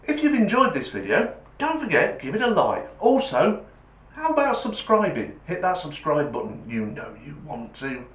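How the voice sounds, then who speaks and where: Chatty man with lively pitch. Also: moderate pace. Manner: chatty, homely, repeats sign-off requests. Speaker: vlogger. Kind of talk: casual vlog talk and joke telling. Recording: roomy echo.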